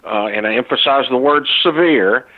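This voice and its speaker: An older man, a foundation founder, answering interview questions in an earnest, halting way with many fillers and restarts. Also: mid-range voice. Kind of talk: recorded interview, earnest testimony. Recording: tinny phone-like line.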